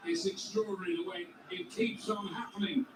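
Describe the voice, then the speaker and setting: A man commenting live on a football match on television, describing the play in a measured, analytical way. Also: high-pitched, steady tone. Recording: echoey TV broadcast with noise.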